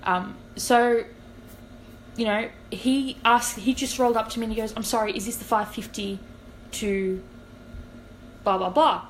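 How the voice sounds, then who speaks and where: Young aussie woman chatting on a podcast, lively storyteller, bit of faint hiss behind her. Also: fairly high pitch, measured pace, pauses often, poor audio. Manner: animated, acts out quoted dialogue. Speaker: podcast co-host. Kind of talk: casual storytelling chat.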